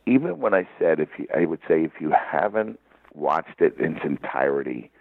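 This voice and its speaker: A man's voice: extremely low pitch, sing-song, moderate pace, gravelly, dry recording. A man telling stories as an interview guest, rambling and laughing often. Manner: rambling storyteller with frequent laughs. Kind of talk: casual interview chat. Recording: tinny phone-like line.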